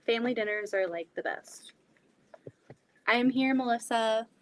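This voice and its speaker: A woman's voice: fairly high pitch, moderate pace, poor audio. A young woman, hosting a live quilting stream from her basement sewing room, chatting casually with lots of fillers and giggles. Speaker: quilting livestream host.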